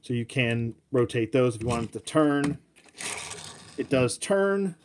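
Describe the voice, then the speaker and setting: A man's voice: medium pitch, animated, a little slow, background noise. A man giving a casual toy review, rambling and joking, with lots of ums and uhs.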